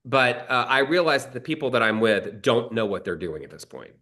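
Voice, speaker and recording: Very animated and brisk, a male screenwriter spins a long, rambling anecdote in a bright, forceful, mid-range voice. He frequently restarts his sentences and drops in some swearing along the way.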